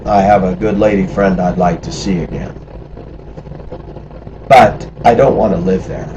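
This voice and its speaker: A man's voice: low voice, a little slow, lo-fi sound, a little hiss or hum. A middle-aged man casually telling stories from his life abroad, acting out the voices of people he quotes. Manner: animated, acts out quoted voices. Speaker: storyteller recalling life abroad. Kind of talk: casual spoken storytelling.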